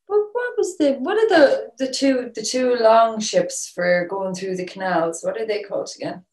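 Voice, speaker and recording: A woman's voice: fairly high pitch, animated, normal speed, darkish tone. Chatty Irish-born woman, echoey room. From Ireland. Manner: chatty, rambling storyteller. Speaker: musician guest. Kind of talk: casual chat.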